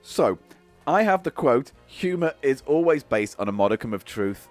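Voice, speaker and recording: A man's voice: mid-range voice, sing-song, normal speed, faint music behind. A man co-hosting a comedy podcast, teasing and heckling his partner with playful asides. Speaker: podcast co-host. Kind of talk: casual comedic chat.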